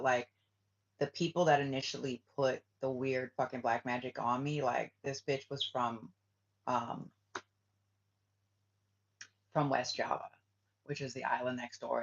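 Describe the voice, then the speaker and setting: A man of middle pitch talks in a loose, rambling monologue, peppered with filler words and curses. The sound is dull and lo-fi. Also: fairly bright tone. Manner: rambling, full of "like" and swearing. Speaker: spiritual reader and vlogger.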